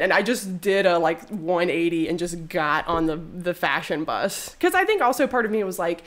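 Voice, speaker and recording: Woman, thirties, lowish voice, rambling casual chat, filler words. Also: unhurried. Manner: chatty, rambling, many filler likes. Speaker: textile artist guest.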